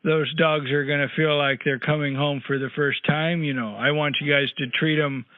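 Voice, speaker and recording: A man's voice: fairly high pitch, little pitch movement, normal speed, no echo, lightly acted. A man doing a cranky rambling old caller on the phone. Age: older. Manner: rambling, crude, grumbling asides. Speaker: prank caller. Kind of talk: prank phone call. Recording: tinny phone line, dry.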